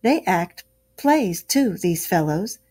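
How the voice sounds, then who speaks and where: A woman's voice: fairly low pitch, sing-song, slow, darkish tone, exaggerated voice. Eager, homely male mole, fond and friendly, voiced by a woman reading aloud.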